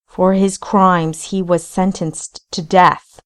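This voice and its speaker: A woman's voice: fairly low pitch, little pitch movement, takes it slowly. A woman voicing an anguished bounty hunter. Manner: quivering with anguish, loud. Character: anguished guilt-ridden male bounty hunter.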